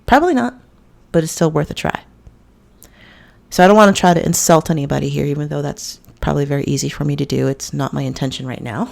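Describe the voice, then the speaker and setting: A woman's voice: low voice, fairly even intonation, fast, vocal fry, darkish tone. A woman hosting a podcast, telling a story in a blunt, profane, conversational way. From United States. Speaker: podcast host. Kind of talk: casual monologue.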